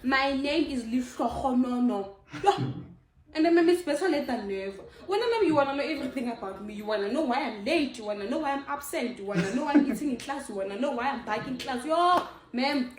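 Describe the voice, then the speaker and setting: A woman's voice: sits high, lively intonation, brisk. A woman playing a cheeky schoolgirl with a South African accent, rambling excuses to her teacher. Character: cheeky, lying female schoolgirl full of excuses. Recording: echoey room.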